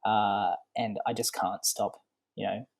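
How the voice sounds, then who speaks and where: A man voicing a nervous, scared woman who speaks softly and hesitantly about her troubles. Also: fairly low pitch, steady tone, unhurried, gravelly, pitched below the performer's own voice. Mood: anxious. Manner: hesitant, soft, trailing off.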